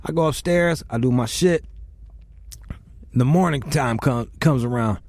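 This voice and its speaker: A man's voice: medium pitch, measured pace, no room sound. A man hosting a casual chat, telling a long story with lots of swearing and acted-out quotes. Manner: profane, animated, quotes people in voices. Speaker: podcast host.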